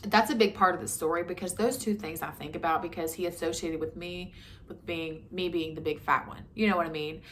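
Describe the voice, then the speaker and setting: A woman's voice: fairly low pitch, steady tone, brisk, fairly bright tone, a little hiss or hum. A woman in her twenties telling a frank personal story to her camera, talking conversationally with many likes and ums. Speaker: vlogger. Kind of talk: candid storytime monologue.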